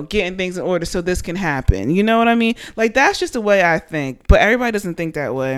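A woman's voice: fairly low pitch, smooth. A woman in her late twenties hosting a podcast, rambling casually and animatedly with lots of fillers. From Panama. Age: 20s. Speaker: podcast host.

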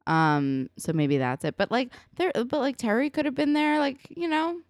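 Lively young woman recapping a show. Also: high-pitched, moderate pace, no room sound, clean studio sound. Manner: animated, acts out characters' lines in quotes. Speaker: podcast co-host. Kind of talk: casual recap chat.

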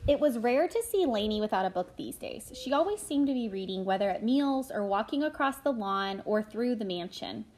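A woman narrating a children's novel aloud in an expressive reading style, with small slips and restarts. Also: fairly high pitch, moderate pace, hardly any pauses, a little hiss or hum, low-quality recording. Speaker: audiobook narrator.

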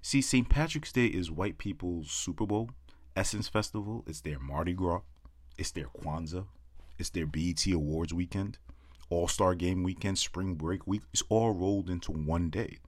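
A man's voice: deep voice, moderate pace, dry recording. A young man doing a brash, profane stand-up monologue, breaking into chanted comic poems. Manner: brash, profane, rhythmic poem delivery. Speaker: comedian.

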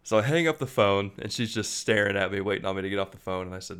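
A man co-hosting a casual podcast, telling a story in a relaxed way and laughing as he goes. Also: lowish voice, fast talker, hardly any pauses, smooth. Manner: laid-back, laughs while telling stories. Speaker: podcast co-host.

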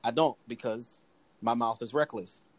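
A man's voice: mid-range voice, a little slow, dry recording, low-quality recording. A man co-hosting a casual conversation, speaking candidly and laughing easily.

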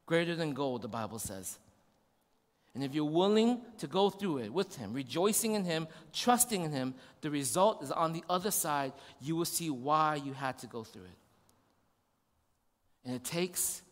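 A man's voice: on the high side, a bit bright, big-room sound. A man in his thirties, a pastor giving a conversational sermon with rhetorical questions.

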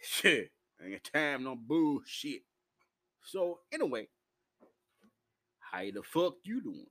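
A man's voice: fairly high pitch, a bit bright. Man in his 40s, intoxicated, profane rambling live stream, swoops all over. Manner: profane, rowdy, loose storytelling.

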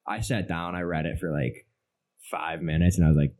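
A man's voice: low voice, fairly even intonation, normal speed, mellow. A young man co-hosting a podcast in casual chat, rambling through stories and acting out his own reactions. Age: young adult. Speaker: podcast co-host.

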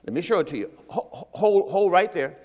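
Man, pastor, high voice, sermon, rhetorical questions, slow emphatic scripture, long hall echo. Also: animated, darkish tone. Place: church service.

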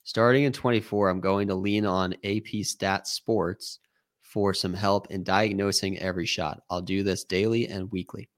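A man's voice: low-pitched, steady tone, normal speed. A man co-hosting a casual golf-betting podcast, musing in a wry, easygoing way. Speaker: podcast co-host. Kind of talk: casual sports-betting chat.

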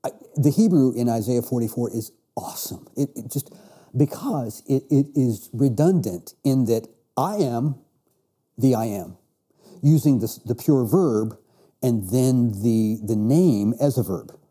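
A middle-aged man leads a Bible lesson, reading passages and then explaining them in a loose, emphatic way. His voice is very dark and mellow, with a husky edge. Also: medium pitch, expressive, unhurried. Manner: reads scripture then explains with emphatic restarts. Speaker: Bible teacher. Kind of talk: classroom Bible lecture.

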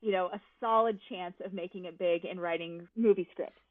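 A woman guest on a podcast telling animated, laughing family stories in casual chat. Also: lowish voice, brisk. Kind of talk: casual storytelling. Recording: tinny dry phone-line sound.

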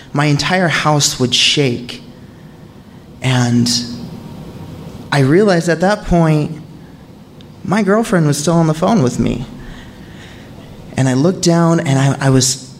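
A young man telling a true story live on stage, in an earnest, suspenseful manner. He lets hushed pauses build the tension. His voice sits at an ordinary middle pitch. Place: live stage before an audience.

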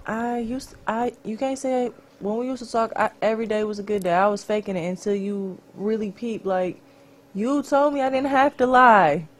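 A woman's voice: a little high, moderate pace. Young female co-host, teasing and dry in her comebacks. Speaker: podcast co-host. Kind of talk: casual chat.

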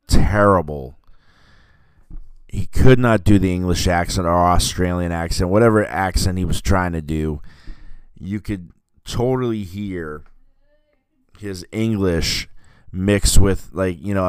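A man hosting a podcast rambles casually about a film, his talk full of fillers and self-corrections. His low voice is smooth and unhurried, recorded with no room sound.

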